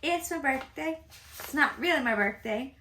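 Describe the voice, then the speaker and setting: A chatty, excitable woman in her fifties, vlogging casually to camera about beauty at home and laughing often. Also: high-pitched, normal speed, slight background noise. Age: 50s.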